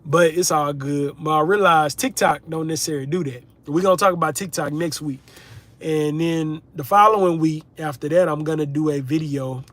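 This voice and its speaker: Young male streamer with a slightly high voice, relaxed and chatty while reading out comments. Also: moderate pace. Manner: laid-back, chatty, reads viewer comments aloud. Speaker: livestream host, content creator. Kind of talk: casual livestream chat reading comments.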